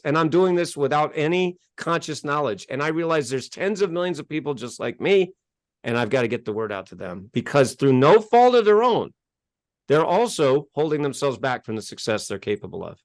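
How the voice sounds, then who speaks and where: A man from the United States, a self-help author telling his life story as an interview guest, animated and acting out conversations. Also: fairly high pitch, moderate pace, no echo, studio quality. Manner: animated, gets worked up and acts out exchanges.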